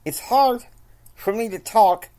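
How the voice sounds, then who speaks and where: A woman's voice: mid-range voice, takes it slowly, warm tone, voice pushed up, lightly acted. A woman voicing a stressed, angry young rancher husband who talks in a strained, frustrated way.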